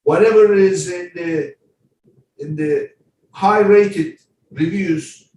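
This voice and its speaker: Give me a high-voiced man hosting a podcast, speaking slowly from far off the mic in a very echoey room. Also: a little mellow, a little hiss or hum. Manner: slow, deliberate explaining with repeated starts. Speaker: podcast host. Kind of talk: casual podcast talk.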